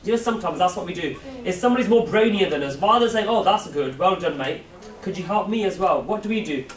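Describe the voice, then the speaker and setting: A man's voice: high voice, animated, fast talker. A man telling a story to a youth camp as a Sikh preacher, asking the audience questions and acting out voices. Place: large hall at a camp. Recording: echoey hall, mic far off, faint hiss.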